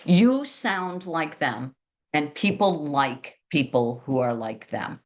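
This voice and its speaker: Woman agent teaching sales tips, big loud outdoor voice, chatty and jokey, kinda low pitched. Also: takes it slowly. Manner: lively, chatty and self-deprecating. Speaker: real estate agent sharing sales training. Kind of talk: training talk to colleagues.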